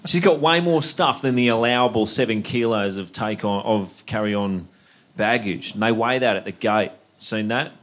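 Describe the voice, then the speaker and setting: A man with an Australian accent co-hosting a live comedy podcast, reading listener messages in a blunt, sweary, deadpan way. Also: lowish voice, normal speed, a little hiss or hum. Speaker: podcast co-host. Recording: live show with music and crowd behind.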